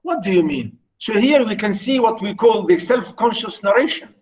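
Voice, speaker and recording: Arabic-speaking guy teaching a lit class, high voice, kinda far from the mic, repeats himself a lot. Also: animated, normal speed. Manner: explanatory, repeats words, many fillers. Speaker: literature lecturer. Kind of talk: recorded lecture.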